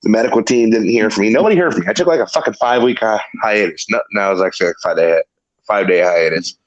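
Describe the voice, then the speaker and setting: A man's voice: fairly low pitch, very fast, dull audio. A man hosting a talk show, telling a long story in casual, rambling chat full of swearing. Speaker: podcast host.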